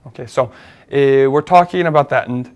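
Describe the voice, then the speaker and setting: A man's voice: mid-range voice, moderate pace, highs cut off. A man co-hosting a discussion, explaining his reasoning step by step with frequent fillers and restarts. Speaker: co-host. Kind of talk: conversational discussion.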